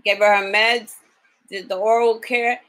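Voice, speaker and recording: A woman's voice: medium pitch, flat delivery, a little slow, a bit bright, rough recording. A woman caregiver talking in a casual video diary. She is tired from lack of sleep and talks bluntly, swearing freely as she vents. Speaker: home caregiver.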